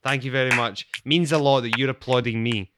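A man's voice: medium pitch, steady tone, brisk, noisy background. A man hosting a podcast, bantering in a cheeky, teasing way. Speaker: podcast host. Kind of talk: playful casual chat.

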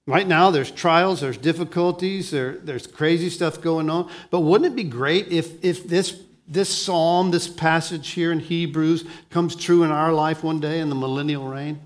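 A man preaching a sermon as pastor, swinging between soft, low lines and loud, lively ones, often restarting his words. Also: unhurried, few pauses.

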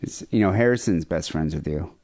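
A man's voice: low-pitched, brisk, a little mellow. A man hosting a podcast, chatting casually and sarcastically about calls. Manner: sarcastic, joking. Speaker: podcast host.

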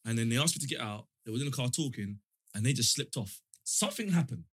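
A young man, telling a story quickly in casual slangy chat. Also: mid-range voice, animated, husky.

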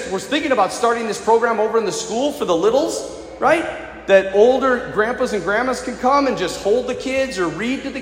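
A man preaching a sermon as a priest, energetic and impassioned, in a church. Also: sits high. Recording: echoey church hall reverb.

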